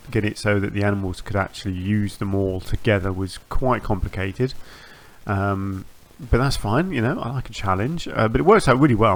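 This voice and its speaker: A man with a fairly low voice hosts his gaming channel, chatting easily through his build as he plays. He wanders from thought to thought, trips over his own phrases and restarts them, and fills the gaps with ums and uhs. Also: vocal fry. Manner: rambling, self-correcting, with frequent ums and restarts. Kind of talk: relaxed gameplay commentary.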